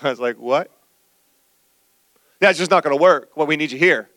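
A male pastor preaching a sermon, telling a personal story with animated, acted-out quotes. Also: on the high side, moderate pace, no echo.

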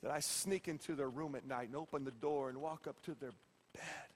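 A middle-aged man preaching a sermon as pastor, playful and emphatic, dropping to a hush and then rising to shouts. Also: medium pitch, fairly even intonation, a little fast, in a large hall, slight background noise. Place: church sanctuary.

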